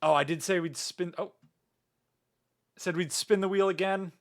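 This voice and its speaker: Chatting with his viewers on a relaxed stream, this man jokes and rants at length, dropping "meow" into what he says. He has a high-pitched, creaky voice with a steady tone and speaks at a moderate pace.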